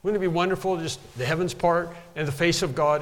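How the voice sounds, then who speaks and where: A man's voice: on the high side, fast, hardly any pauses, long reverb tail. A man preaching a sermon, emphatic and repeating phrases to drive them home.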